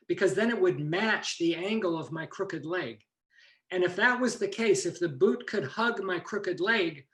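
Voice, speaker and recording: A man's voice: high voice, a bit bright. A man teaching ki and meditation in an informal online lecture, talking loosely with digressions and restarts. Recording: echoey room.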